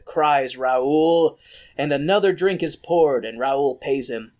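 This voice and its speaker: Sarcastic man with a slightly raspy throat. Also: on the high side, takes it slowly, a little mellow. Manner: sarcastic, profane. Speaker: podcast co-host. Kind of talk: casual chat, recapping a musical.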